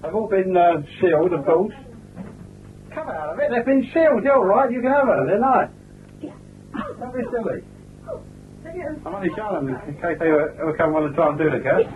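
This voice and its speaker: A man's voice: high-pitched, a little fast, long pauses, faint music behind. A man chatting jovially with family and friends, trading banter. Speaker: documentary subject. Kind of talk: casual chat. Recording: thin phone-like 1970s film sound with faint hiss.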